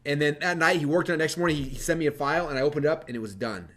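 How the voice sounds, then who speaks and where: A man telling an energetic, animated story from a stage, acting out his past self and laughing often. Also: on the high side, rapid-fire. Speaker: speaker.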